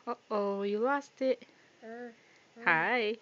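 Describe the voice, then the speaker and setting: A woman talking sing-song baby talk to an infant, coaxing and gentle, recorded at home on a phone. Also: mid-range voice, slow pace. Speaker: parent filming a baby. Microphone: phone camera. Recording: dull lo-fi phone video audio.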